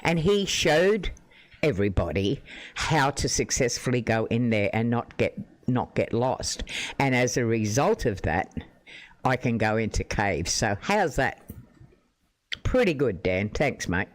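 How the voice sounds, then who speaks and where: A man's voice: medium pitch, very animated, a little slow. A man chatting casually with his live-stream viewers from home into a desk microphone, rambling, restarting sentences and laughing often. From Australia. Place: home room.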